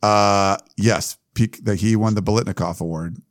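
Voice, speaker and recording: A man co-hosting a sports podcast in casual chat, reading listener questions out loud with loose asides. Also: on the low side, fairly even intonation, moderate pace, no echo, clean studio sound. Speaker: podcast co-host.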